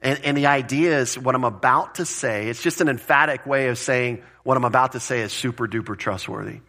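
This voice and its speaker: A man preaching a conversational sermon as pastor, plain-spoken and animated, with joking asides. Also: medium pitch, fairly quick.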